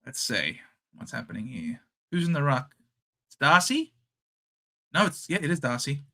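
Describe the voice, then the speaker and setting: Excitable Australian man calling footy. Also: mid-range voice, moderate pace, vocal fry. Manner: excitable, shouts at big plays, chats with viewers. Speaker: live stream host. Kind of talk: casual live watchalong commentary.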